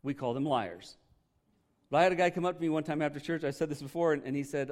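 A man's voice: a little high, fast, darkish tone. A man, a pastor preaching a conversational sermon with candid, joking asides.

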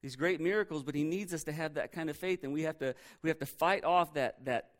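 A man's voice: a little high, a little fast. A male pastor preaching a sermon in a church, conversational and full of rhetorical questions.

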